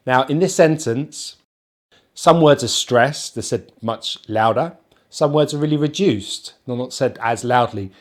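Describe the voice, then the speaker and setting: A man with a British accent teaching English pronunciation, slowly drilling and repeating syllables. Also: medium pitch. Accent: British, non-rhotic. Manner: slow, exaggerated drilling of sounds. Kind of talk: pronunciation lesson.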